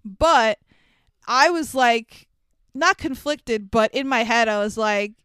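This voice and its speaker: A chatty woman gives her frank opinions on a film in relaxed podcast talk and laughs often. Her voice is very smooth and clear, a little high, and sits dry and close to the mic. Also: slow, no echo. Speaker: podcast co-host. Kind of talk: casual movie recap chat.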